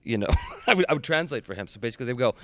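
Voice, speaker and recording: A man's voice: medium pitch, very fast, dry recording. A male voice actor, a convention guest, telling stories in a casual interview and slipping into accents. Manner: animated storyteller, slips into accents.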